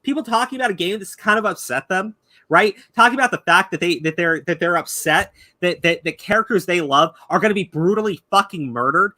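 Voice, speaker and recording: A man's voice: high-pitched, bright, forceful tone. A man hosting a commentary stream, ranting angrily and swearing heavily. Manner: angry, profane, rapid ranting. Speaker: YouTube commentary host.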